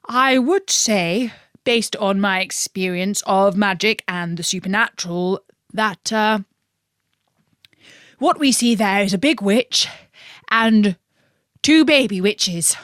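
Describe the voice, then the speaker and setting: A woman voicing Bertie, a pompous, self-important male pond creature who speaks in a measured way in a storybook. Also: mid-range voice, fairly bright tone, no echo, studio quality.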